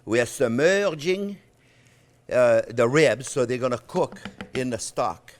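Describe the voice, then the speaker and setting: An older man hosting a cooking demonstration, chatting warmly to viewers as friends and laughing often. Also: medium pitch, fairly even intonation, moderate pace. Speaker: cooking show host. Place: home-style kitchen.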